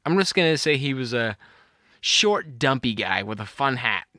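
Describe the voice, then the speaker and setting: A man's voice: mid-range voice, expressive, moderate pace, pushed and bright, no room sound, clean studio sound. A middle-aged man co-hosting a podcast, telling a rambling story in casual chat and laughing at his own anecdote. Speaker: podcast co-host.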